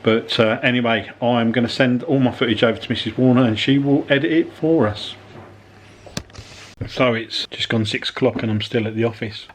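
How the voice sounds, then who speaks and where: A man giving a relaxed, rambling vlog update to camera from an office. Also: lowish voice, a little hiss or hum. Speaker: vlogger.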